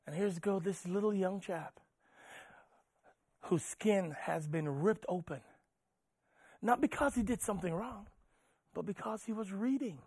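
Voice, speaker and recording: A man preaching as a pastor, swinging from loud urging to hushed storytelling. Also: high-pitched, measured pace, long pauses, husky, no room sound, clean studio sound. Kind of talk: sermon.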